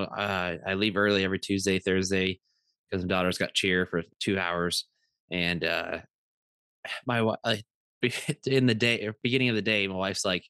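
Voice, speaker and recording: A man's voice: deep voice, no room sound, clean studio sound. A man in his thirties, a podcast co-host, telling casual stories full of fillers and restarts. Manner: rambling, animated anecdotes with many fillers. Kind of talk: casual storytelling chat.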